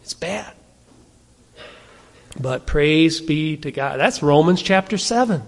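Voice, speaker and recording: Male pastor, high-pitched, casual rhetorical sermon style, long hall reverb. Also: expressive, takes it slowly. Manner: conversational, asks the audience rhetorical questions.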